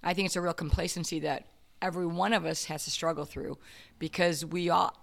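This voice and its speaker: A man with a gravelly, fry-laden voice, thinking out loud in a faith chat. He stumbles and restarts often, reflective rather than forceful. Casual and sincere. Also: fairly high pitch, steady tone. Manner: halting, restarts a lot, reflective.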